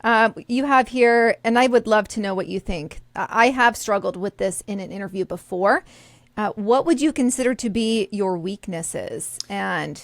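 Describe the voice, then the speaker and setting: A woman co-hosting a podcast, chatting casually in an upbeat way, quick to laugh and asking the questions. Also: mid-range voice, no echo. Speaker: podcast co-host.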